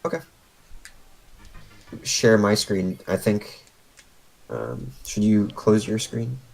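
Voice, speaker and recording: A man's voice: lowish voice, very animated, slow pace, gravelly, rough recording. A man coaching a player over a voice call, patiently explaining step by step with lots of fillers. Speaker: game coach.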